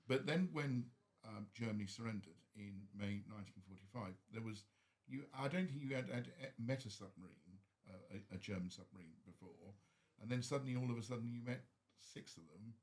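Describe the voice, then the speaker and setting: A man's voice: lowish voice, brisk, darkish tone. A man hosting an interview who leads into his questions hesitantly, with many ums and restarts. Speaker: host.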